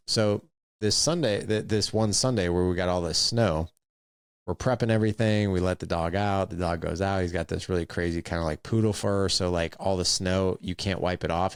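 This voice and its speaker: Man, deep voice, gravelly, candid storytelling host, dry close sound. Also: no room sound. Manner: candid, animated storytelling with quoted outbursts. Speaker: podcast host. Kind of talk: personal storytelling.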